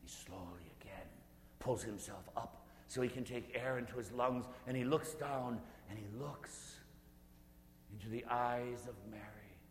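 A male preacher leading a guided meditation sermon, earnest and dropping to a hush at times. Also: medium pitch. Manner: earnest, slows down and drops to a hush. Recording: echoey hall with faint hum.

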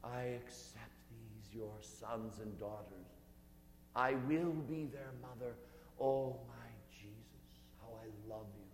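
A man voicing a grieving mother praying softly at the cross, in an echoey hall with a faint hum. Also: medium pitch, takes it slowly, pitched below the performer's own voice. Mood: tender prayer.

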